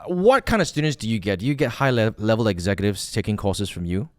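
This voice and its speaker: Low, smooth-voiced man hosting a podcast. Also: expressive, fast talker, darkish tone, dry recording, clean studio sound. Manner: searching, restarts questions, frequent backchannels. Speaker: podcast host. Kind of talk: casual interview talk.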